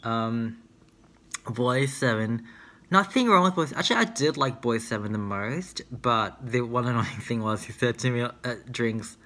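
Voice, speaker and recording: A young man, chatting casually to camera in a storytime vlog. His voice sits at an ordinary middle pitch. He tells his stories candidly, leaning on plenty of filler words. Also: moderate pace, sharp tone. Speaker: vlogger.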